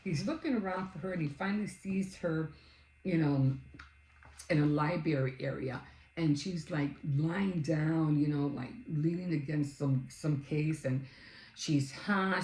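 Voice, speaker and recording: Middle-aged woman, chatty rambling storyteller, lowish voice, roomy echo. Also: unhurried, vocal fry. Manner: rambling, animated retelling with many fillers. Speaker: vlogger. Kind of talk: casual storytelling chat. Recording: roomy, echoey recording.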